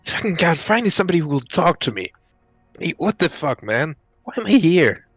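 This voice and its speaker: A man's voice: mid-range voice, moderate pace, sharp tone, dry recording, faint music behind. A man playing a brash cocky prisoner. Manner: swearing, brash.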